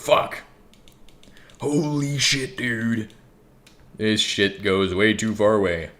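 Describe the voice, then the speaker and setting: A man's voice: fairly low pitch, expressive, takes it slowly, fairly bright tone. A young man giving rambling, joking gameplay commentary, swearing freely. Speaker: gaming YouTuber.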